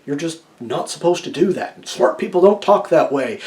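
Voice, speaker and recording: Chatty opinionated man giving writing tips. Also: normal speed. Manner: chatty, keeps checking in with "okay?"; lively, jumps between loud emphasis and low asides. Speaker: writing advice vlogger. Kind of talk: casual opinionated talk to camera.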